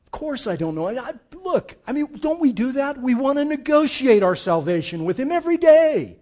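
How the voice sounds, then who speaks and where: A man preaching a sermon with emphasis, who asks the congregation questions and moves between loud and hushed passages. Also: extremely high pitch, big pitch swings, brisk. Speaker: pastor.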